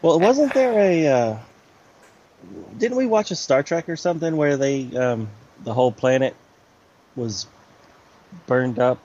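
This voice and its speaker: A man's voice: mid-range voice, measured pace, pauses often, a little hiss or hum. Rambling man on slightly dull audio. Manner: relaxed, rambling, many fillers and restarts. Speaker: podcast co-host. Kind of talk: casual chat about comics.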